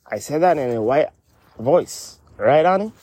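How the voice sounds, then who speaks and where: A man's voice: a little high, expressive, a little slow, darkish tone, husky. A man voicing a brash middle-aged character with a Spanish-inflected English accent who calls everyone honey and rambles in street slang. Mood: scolding. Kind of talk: comedy sketch dialogue.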